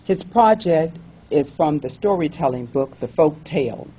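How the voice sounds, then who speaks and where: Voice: medium pitch, expressive, a little slow, mellow, slightly rough. A master of ceremonies introducing the next speaker at a club meeting, formal and careful.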